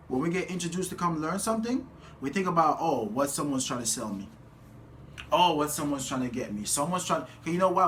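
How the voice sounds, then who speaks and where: Forceful, preachy male motivational speaker. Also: fairly high pitch, slight background noise. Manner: preachy, builds to loud emphatic peaks; slows to drawn-out words for emphasis. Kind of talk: impassioned motivational speech.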